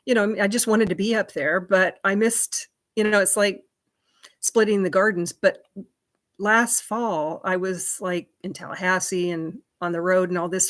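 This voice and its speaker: A woman hosting a livestream, chatting in a rambling way and answering viewer comments. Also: medium pitch. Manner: chatty and rambling, many fillers and asides. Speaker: livestream host.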